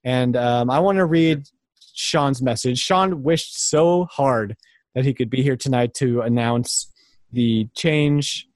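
A man's voice: mid-range voice, slow, a little mellow, no echo. Earnest man in dry podcast chat. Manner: earnest, hesitant with many fillers. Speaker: podcast co-host. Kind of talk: casual chat.

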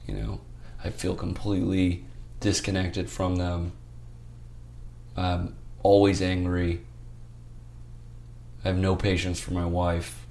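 A man's voice: sits low, completely flat delivery, slow pace, gravelly, long pauses, dark tone. A man speaking as an interview guest, telling a candid personal story in a rambling, heartfelt way full of fillers.

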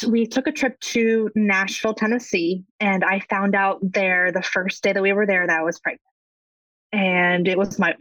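A woman in her thirties, a guest on a podcast, telling her personal story in an emotional and halting way. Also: mid-range voice, no echo. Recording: dry, dull lo-fi audio.

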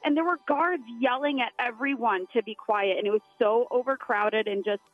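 A woman's voice: fairly high pitch, moderate pace, no room sound, faint music behind. A woman calling a radio show, earnestly describing a disappointing trip. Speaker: caller. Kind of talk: phone call to radio show. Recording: dull dry phone audio.

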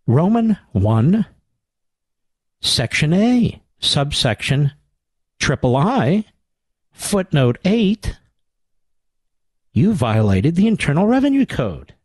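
A man's voice: a little high, slightly rough, no echo, full character voice. A man playing a cold tax official who reads out code sections and talks down to the person he accuses. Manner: bureaucratic, clipped, condescending.

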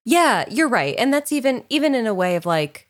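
A woman co-hosting a podcast in casual chat, expressive, laughing often and swearing casually. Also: a little high, a little fast. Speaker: podcast co-host.

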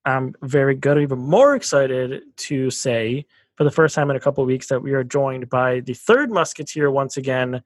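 A man co-hosting a casual sports podcast, chatty and quick to laugh. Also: medium pitch, no room sound. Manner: laughs often, chatty with filler words. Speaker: podcast co-host.

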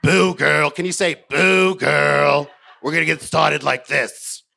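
A woman's voice: low voice, steady tone, takes it slowly, creaky, pushed and bright, voice pushed up, heavily acted. A man voicing a pushy, fake-cheery female TV producer with a tight, strained throat voice. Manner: bossy and chirpy, barking directions.

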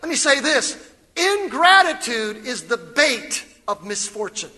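High, bright-voiced preaching man. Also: big pitch swings, measured pace. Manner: fiery preaching, rising to shouts. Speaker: pastor. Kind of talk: sermon.

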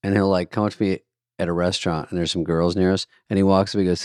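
Man, co-host, low-pitched, wry sarcastic anecdotes, imitates the people he quotes, dry close mic. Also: a little fast, darkish tone, dry recording. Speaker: podcast co-host. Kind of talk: casual chat and host-read ad.

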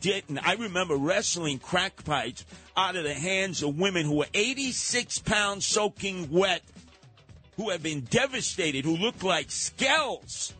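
An older man with a New York accent hosting a radio talk show, telling stories in an animated way and slipping into other voices. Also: high voice, unhurried, breathy edge, faint music behind.

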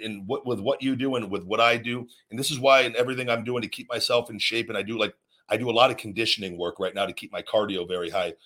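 A man with a low voice talks at length in a motivational podcast. He is earnest and wanders through his points, often restarting a sentence before finishing it. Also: a bit bright. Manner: rambling, earnest, many restarts. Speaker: podcast host, former wrestler.

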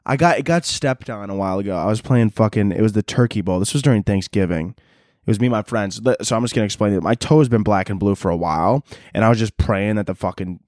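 A man's voice: lowish voice, fast talker, darkish tone, dry recording, clean studio sound. Profane, ranting young man. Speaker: podcast host. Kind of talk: casual solo rant.

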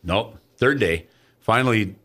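A man's voice: on the low side, measured pace, fairly bright tone. A man from St. Louis who works as a hockey radio broadcaster, telling a story in a studio interview and acting out the voices of the people in it.

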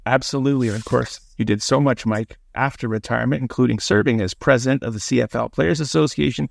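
Gravelly male interview host. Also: mid-range voice, no echo, clean studio sound. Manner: measured, asks prepared questions. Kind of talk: interview questions.

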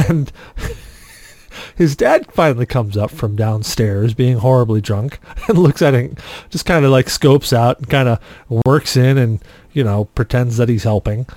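A man hosting a casual podcast, telling a story with lively acted-out quotes. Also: mid-range voice, unhurried, no room sound. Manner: animated storyteller, acts out quotes loudly. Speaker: podcast host.

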